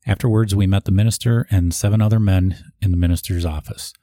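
A man's voice: low voice, steady tone, fairly quick, hardly any pauses, dark tone, no room sound, studio quality. A man reading written tributes aloud, sometimes stopping to add his own asides. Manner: reads aloud, with asides and restarts. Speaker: eulogy reader.

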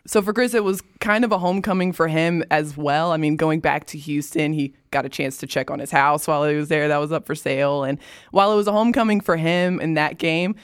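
A woman's voice: sits low, brisk, smooth. Chatty woman co-hosting a basketball podcast. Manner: chatty, upbeat, laughs easily. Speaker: team podcast co-host. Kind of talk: casual sports chat.

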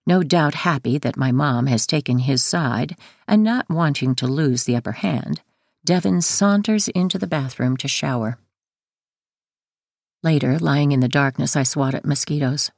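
A woman narrating her own memoir audiobook in a steady first-person storytelling manner. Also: deep voice, moderate pace, vocal fry, no echo, clean studio sound.

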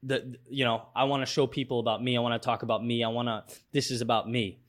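A man's voice: mid-range voice, little pitch movement, fast talker. A man speaking as a podcast guest, thoughtful and full of fillers and restarts. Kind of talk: casual interview talk.

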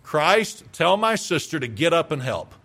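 A man's voice: sits high, measured pace, sharp tone, full character voice. A man voicing a busy, stressed woman host, hurriedly listing her chores in exasperation. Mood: exasperated.

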